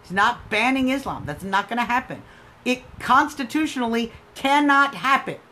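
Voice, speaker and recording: A woman's voice: a little high, animated, normal speed, pushed and bright, slight background noise. Emphatic American woman livestream host. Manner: emphatic, argumentative, answers viewer comments. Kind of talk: live political commentary.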